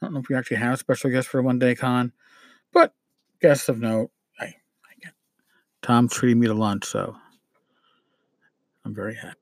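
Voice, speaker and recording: A man's voice: mid-range voice, fairly even intonation, brisk, long pauses, no echo. A man with a New York accent hosting a casual solo show, rambling and correcting himself as he talks. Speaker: podcast host.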